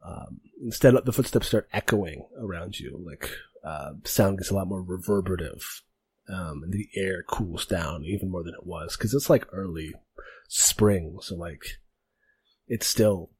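Low, husky game master. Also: male voice, a little slow, darkish tone. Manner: rambling with many fillers. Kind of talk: narrating a tabletop game.

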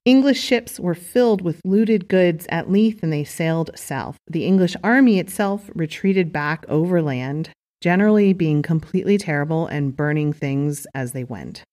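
A woman tells history in a relaxed, conversational way and drops in wry, chatty asides. Her voice sits low. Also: moderate pace. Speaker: history narrator. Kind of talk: informal history narration.

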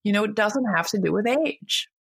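A woman's voice: medium pitch, expressive, normal speed, creaky, fairly bright tone, husky. An older woman, a guest author, speaking emphatically and with firm opinions in a conversational interview.

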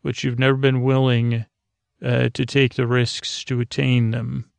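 A frank female ship counselor, as a man reads her in his own voice, blunt but sleepy. The delivery is low, gravelly, and level, and it sounds dry and close. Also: level tone, no room sound. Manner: drowsy, halting paraphrase.

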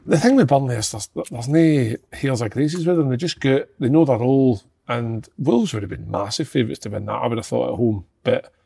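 A man's voice: mid-range voice, a little fast, creaky, warm tone, husky. A man talking football in a blunt, rambling casual chat. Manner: blunt, rambling, swears freely.

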